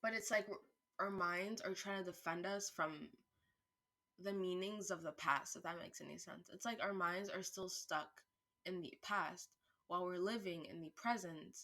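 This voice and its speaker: Talking at an ordinary pace, this female vlogger rambles through a casual, think-aloud monologue full of restarts and unfiltered cursing. When something riles her, she gets louder and higher, her delivery turning animated.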